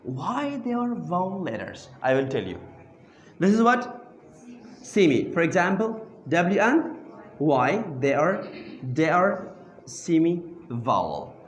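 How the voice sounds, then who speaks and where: A man's voice: on the high side, big pitch swings, slow. A man teaches grammar in a classroom. He keeps firing questions at his students and repeating key words back to them. The room is echoey and reverberant.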